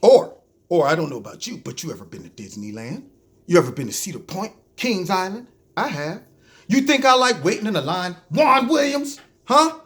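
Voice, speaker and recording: On his own show, a host delivers political commentary as a mocking, animated rant, calling his audience "y'all." His voice sits high and his pace is moderate.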